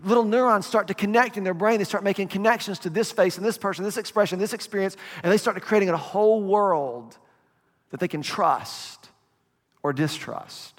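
Male pastor, conversational sermon, high voice, long hall reverb. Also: moderate pace. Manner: conversational, asks the congregation questions.

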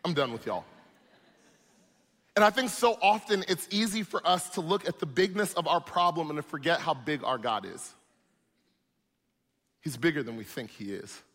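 A man's voice: on the high side, normal speed, a bit bright, in a large hall. A man preaching a sermon as pastor, emphatic and repetitive, building in force.

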